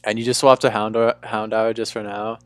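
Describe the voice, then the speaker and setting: A man's voice: lowish voice, level tone, fairly quick, dry recording, soft background music. A young man chatting casually with viewers on a live stream from a room at home, laid-back and talkative, calling people "dude". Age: young adult. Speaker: livestreamer.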